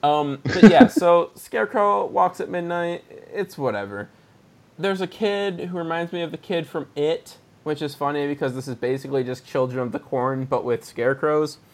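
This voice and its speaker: A man's voice: fairly high pitch, moderate pace, slight background noise. A man hosting a podcast, chatting casually and rambling through a retelling, often laughing. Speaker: podcast host. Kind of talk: casual review chat.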